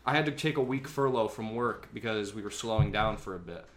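A man's voice: fairly low pitch, a little fast, fairly bright tone. A young man hosting a casual podcast, rambling and complaining in a profane, offhand way. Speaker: podcast host and editor.

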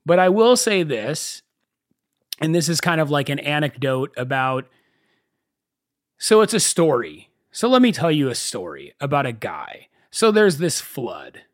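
A young man hosting a casual solo podcast, telling stories in an animated way and swearing freely. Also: fairly high pitch, unhurried, dry recording, clean studio sound. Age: young adult. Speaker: podcast host.

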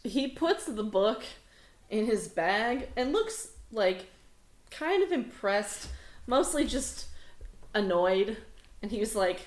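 A woman's voice: a little high, animated, slow pace. A woman running a tabletop game as game master, narrating scenes in a casual, laid-back way. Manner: casual, laughs easily, vivid scene narration. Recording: roomy echo with faint music.

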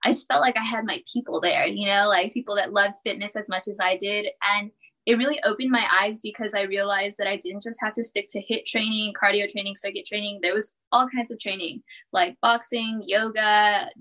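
A young woman in her twenties with a bright, forceful tone talks easily as a podcast guest. She is chatty and upbeat, sprinkles in laughs, and leans on fillers like "like" and "um" as she tells her story. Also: mid-range voice, fairly even intonation, brisk, poor audio. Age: 20s. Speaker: podcast guest, college student and personal trainer. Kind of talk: casual interview chat.

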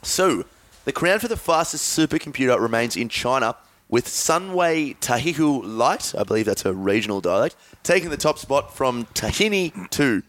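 A man's voice: medium pitch, very animated, normal speed, a bit bright. A man hosting a podcast, reading out odd news items and joking along in casual banter. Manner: wry, jokey delivery. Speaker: podcast host.

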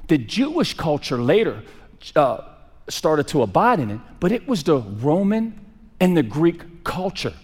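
Preaching pastor in a reverberant hall. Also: male voice, fairly high pitch, big pitch swings, measured pace, husky. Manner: preaching with sharp swings from raised to hushed voice. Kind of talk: sermon.

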